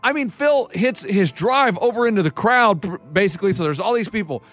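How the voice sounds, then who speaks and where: A man hosting a casual sports talk show, telling stories in an excitable, animated way. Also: high-pitched, a little fast, faint music behind.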